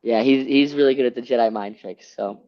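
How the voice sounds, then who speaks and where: This Pennsylvania man in his late twenties, once a college wrestler, speaks at a fairly quick clip with a medium-pitched voice. As an interview guest he tells casual stories, rambling and starting over with plenty of fillers, and the recording has a slightly dull lo-fi quality.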